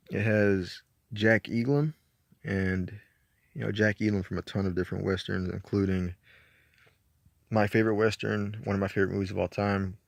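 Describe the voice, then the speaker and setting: A man's voice: on the low side, creaky, no room sound, studio quality. A man with a Southern accent from Georgia, chatting casually and rambling through his movie collection, laid-back and a bit profane. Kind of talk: casual chat.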